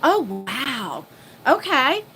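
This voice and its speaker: A woman hosting a casual livestream chat from her phone, flustered and chatty as she thinks out loud. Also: sits high, very animated, drawn-out words, soft background music. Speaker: livestream host. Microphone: phone mic.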